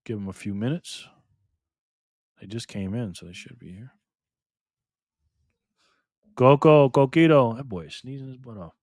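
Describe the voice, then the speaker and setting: A man's voice: lowish voice, animated, unhurried, pauses often, a little mellow, no echo, studio quality. A man hosting a casual live stream, chatting loosely with viewers by name and repeating himself.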